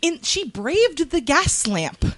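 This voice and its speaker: A woman's voice: sits high, slow, dry recording. A woman guest on a podcast, casually telling a story and acting out what others said. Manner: animated storyteller, acts out quotes. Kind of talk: casual chat. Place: podcast studio.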